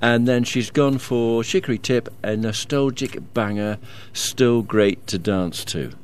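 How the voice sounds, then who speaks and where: A man's voice: mid-range voice, measured pace, a little hiss or hum. A man presenting a casual radio show, chatting with co-hosts and reading out listener messages, often chuckling. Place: radio studio.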